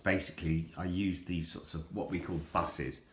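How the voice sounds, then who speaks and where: A deep, low-pitched older man talks in a loose, rambling vlog style, often stumbling over and repeating his words. The sound bounces around a roomy, echoey space, with a faint hum in the background. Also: level tone, normal speed, fairly bright tone. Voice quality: deep, self-described nappy voice. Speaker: collector showing items.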